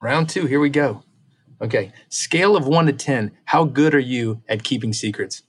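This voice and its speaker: A man's voice: mid-range voice, moderate pace, husky. A man co-hosting a casual podcast, reading quiz questions in an upbeat, encouraging way.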